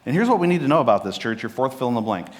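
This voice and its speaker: A man preaching a sermon as pastor, telling a Bible story with lively acted-out lines. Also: medium pitch, racing. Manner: animated storytelling, acting out Bible characters' lines. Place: church sanctuary.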